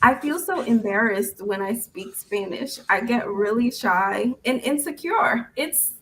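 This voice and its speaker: Brief: young female English tutor, unhurried, friendly corrections, video-call sound. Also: fairly high pitch, animated, a little hiss or hum, poor audio. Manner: patient, gently correcting, laughs often. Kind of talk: casual online tutoring chat.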